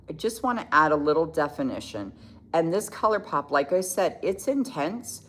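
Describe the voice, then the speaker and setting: A middle-aged woman with a deep voice hosts a casual makeup tutorial livestream, chatting freely, reading viewer comments aloud, and laughing easily.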